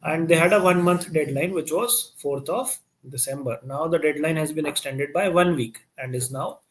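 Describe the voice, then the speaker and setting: A man's voice: on the high side, normal speed. A man with an Indian accent teaching a live-streamed current affairs lesson, switching between Hindi and English in a chatty way and encouraging his viewers.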